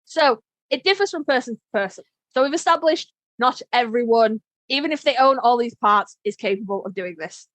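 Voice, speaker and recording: A woman's voice: a little high, lively intonation, moderate pace, hardly any pauses, a bit bright, dry recording. Frank, chatty woman podcast host. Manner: frank and candid, swears and laughs easily. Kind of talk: casual explainer chat.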